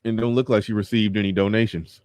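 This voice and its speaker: Man, low voice, live show host, chatty, wry, dry close recording. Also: level tone, quick pace, a little mellow, dry recording. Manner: chatty, wry, reads donation pages aloud. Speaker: podcast host. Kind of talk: casual live commentary.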